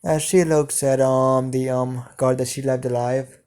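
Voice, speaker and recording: Man, fan story narration, hesitant, slow, dark tone, flat pitch. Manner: hesitant, many fillers.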